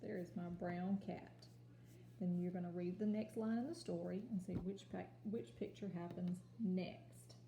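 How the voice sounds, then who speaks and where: A woman teaching a kindergarten home lesson on video, sounding out letters and words slowly and patiently. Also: lowish voice, fairly even intonation, creaky, warm tone, roomy sound, slight background noise. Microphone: phone or camera.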